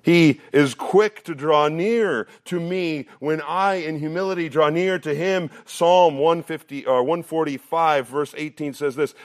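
A man in his thirties preaching a sermon, earnest and repeating phrases as he builds each point, sometimes dropping into a relaxed, story-telling tone. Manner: drops to a low conversational tone for a personal story. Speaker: pastor.

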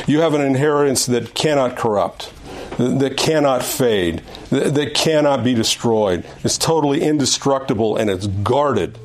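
An older man with a mid-range voice teaches a Bible lesson to an adult Sunday school class in a church classroom. He talks conversationally, repeating phrases and restarting sentences, rising and speeding up on key points, with a little hiss or hum in the audio.

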